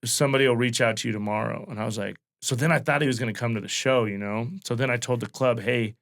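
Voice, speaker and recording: A comedian in his late thirties from Wyoming, spinning a rambling, profane story on a casual podcast. His voice has a gravelly, fry-edged texture at a middle pitch. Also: fast talker. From Wyoming, USA. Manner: loose, profane, animated anecdote telling. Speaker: guest comedian.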